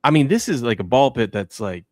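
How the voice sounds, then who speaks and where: A man in his thirties hosting a casual talk show, telling animated stories about his kids. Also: medium pitch, fairly quick, dry recording, studio quality. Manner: animated storyteller, acts out a toddler's shrieks. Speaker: podcast host. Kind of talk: casual chat.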